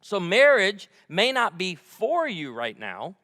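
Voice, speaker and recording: A man preaching a sermon as pastor, animated and fired up, telling humorous stories from a church stage. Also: high-pitched, takes it slowly. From United States. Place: large church sanctuary. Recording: long hall reverb.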